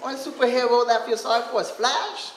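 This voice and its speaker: A man's voice: very high-pitched, quick pace. A man doing a stand-up set in a comedy club, swearing and rambling with constant "you know" asides. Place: comedy club stage before a live audience. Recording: echoey club, loud crowd laughter.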